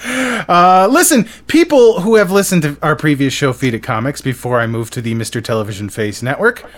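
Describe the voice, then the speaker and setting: A man hosting a casual podcast, excitable and rambling, with many fillers. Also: on the high side, brisk. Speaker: podcast host.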